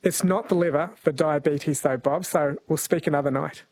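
A man's voice: on the high side, fairly even intonation, normal speed, creaky, darkish tone. A man hosting a talkback radio quiz, friendly and easygoing with callers.

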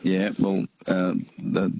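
A man's voice: deep voice, monotone, slow, darkish tone. An older man calling in to a radio show, chatty and hesitant, with many fillers and restarts. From New Zealand. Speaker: caller. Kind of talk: casual radio call-in chat. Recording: dull lo-fi phone line.

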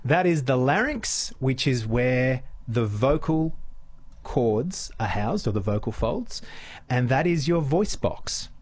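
Measured man explaining things. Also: medium pitch, expressive, breathy edge. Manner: measured, explanatory, some fillers. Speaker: guest speech pathologist. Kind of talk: explanatory radio interview.

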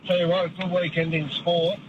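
A man's voice: sits high, flat delivery, fairly quick. A man with an Australian accent calling a radio show, easygoing and chatty about sport. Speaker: caller. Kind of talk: casual phone-in chat. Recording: dull phone line with noise.

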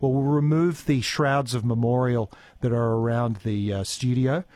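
A man's voice: medium pitch, steady tone, moderate pace, darkish tone, no echo. Cast: Australian man, talk radio host, chatty and rambling, dry booth. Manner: chatty, with frequent fillers and restarts. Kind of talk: live talk radio hosting. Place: radio studio. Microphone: studio mic.

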